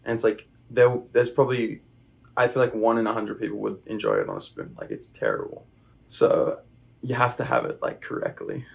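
A young Australian man talking loosely into a podcast mic, his voice heavy with gravelly fry and a husky edge. His pitch swings widely as he rambles through answers with lots of fillers. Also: a little fast. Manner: relaxed, rambling with many fillers. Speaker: guest, baseball player. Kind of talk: casual interview chat. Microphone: podcast microphone.

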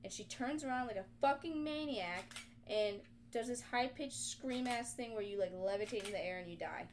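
A young woman co-hosting a podcast, retelling a video game in casual, animated chat full of swearing. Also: fairly high pitch, normal speed, a little hiss or hum. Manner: animated, profane storytelling. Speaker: podcast co-host.

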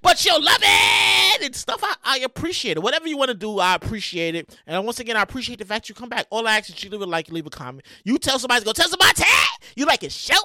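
A male podcast host rants through his comedic commentary, loud and restless. His voice is high and bright, swinging widely in pitch and breaking into shouts. The mic sounds close and dry. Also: rapid-fire, few pauses, dry recording. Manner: loud, animated, repetitive, swears freely, bursts into shouting.

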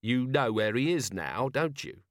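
A man's voice: mid-range voice, big pitch swings, a little slow, no echo. Blunt weary commander, voiced by a male narrator, pressing and dry.

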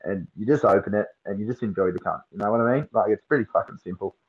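Low-voiced, slangy Australian man. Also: fast talker, slightly rough, highs cut off. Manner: slangy, swearing storyteller. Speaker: podcast guest. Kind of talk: casual chat.

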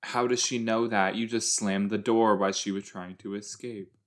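A man giving chatty, excitable reaction commentary as he watches a TV episode, gasping and exclaiming along. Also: lowish voice, normal speed. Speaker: reaction video host.

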